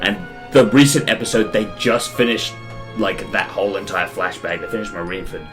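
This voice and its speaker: Slangy young man, fairly low voice. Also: a little fast, over music. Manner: swearing, slangy, enthusiastic. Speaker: podcast co-host. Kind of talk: casual chat.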